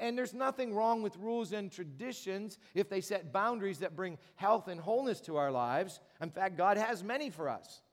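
High-voiced man preaching in a hall. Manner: conversational preaching, acts out quoted voices. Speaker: pastor. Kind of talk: sermon. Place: church sanctuary.

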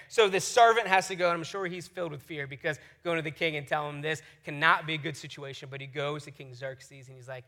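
A man's voice: on the high side, fast talker, hardly any pauses. A man in his thirties preaching a casual, enthusiastic sermon as a pastor. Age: 30s. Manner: energetic, enthusiastic storytelling.

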